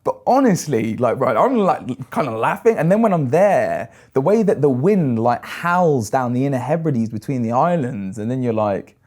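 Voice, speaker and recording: A British man in his thirties telling animated stories in a casual interview. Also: mid-range voice, normal speed, hardly any pauses. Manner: animated storyteller, acts out quoted voices. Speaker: guest, long-distance swimmer.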